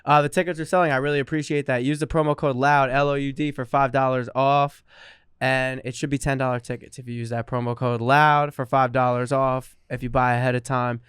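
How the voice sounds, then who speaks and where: Easygoing comedy podcast co-host, a man in his thirties with a smooth, resonant voice. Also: medium pitch, flat delivery, fairly quick, fairly bright tone, no echo, studio quality. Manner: laughs often, easygoing. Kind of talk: casual comedic chat.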